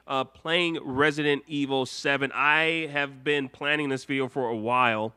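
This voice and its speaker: A man's voice: fairly high pitch, unhurried, few pauses, bright, forceful tone, smooth. A man hosting a casual live stream, chatty and rambling, full of fillers. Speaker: YouTube host.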